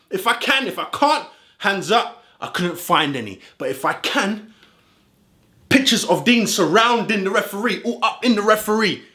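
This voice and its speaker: A fired-up man rants through a football reaction video in thick street slang. His voice sits high and swings wildly up and down. The sound bounces around a roomy space. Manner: animated, ranting, street slang. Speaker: football fan vlogger reacting to a clip. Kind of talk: heated reaction commentary. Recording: roomy echo.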